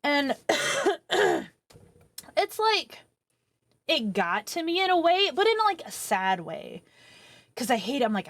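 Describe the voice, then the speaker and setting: A woman in her thirties, a streamer telling a long personal story to her viewers in a profane, rambling, animated way. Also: sits high, normal speed, no echo. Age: 30s.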